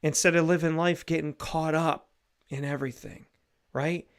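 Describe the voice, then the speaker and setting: A male show host giving an earnest, repetitive spoken reflection on faith, building to animated bursts. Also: a little high, moderate pace, vocal fry.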